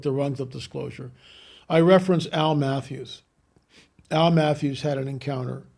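A man, a guest on a talk show, telling a story with animated emphasis and repeating key lines. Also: on the high side, creaky. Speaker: guest, UFO researcher. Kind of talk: podcast interview storytelling.

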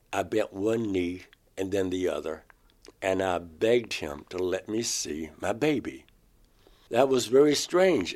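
Halting, low-voiced man recounting an experience. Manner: halting, restarts mid-phrase, voice rising sharply when quoting himself. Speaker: interview guest, painter.

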